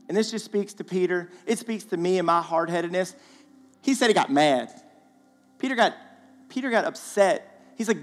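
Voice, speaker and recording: A man giving a guest sermon in a church, animated and conversational with playful asides. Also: high voice, fairly quick. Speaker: guest speaker. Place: church sanctuary. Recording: long church hall reverb, faint music.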